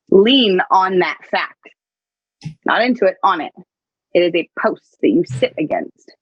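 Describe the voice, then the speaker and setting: A blunt woman lays down sales rules with emphatic, profane force. Her mid-pitched voice comes through dry and close, with a slightly dull, muffled tone. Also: dry recording. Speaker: sales coach. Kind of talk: casual coaching chat.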